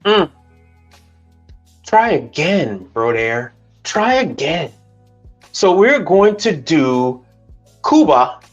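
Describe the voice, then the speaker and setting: A man's voice: on the high side, takes it slowly, dull audio, faint music behind. A man hosting a casual livestream chat, talking bluntly and with a lot of swearing. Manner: blunt, profane, animated. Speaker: livestream host. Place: Houston, Texas.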